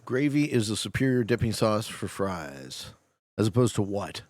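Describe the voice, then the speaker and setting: A man's voice: lowish voice, big pitch swings, moderate pace, no echo, studio quality. A young man streaming a strategy game, chatting casually, joking and laughing often as he answers chat. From Canada.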